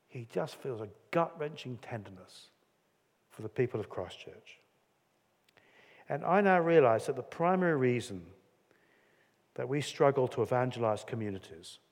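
Earnest male preacher in a reverberant hall. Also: medium pitch. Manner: earnest, conversational preaching with acted-out quotes. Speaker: pastor. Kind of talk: sermon.

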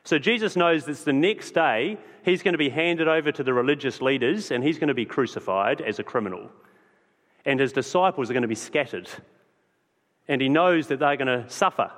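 A man preaching an evening sermon, talking in a relaxed, conversational way with frequent fillers and restarts. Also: medium pitch. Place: church hall. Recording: long church-hall reverb.

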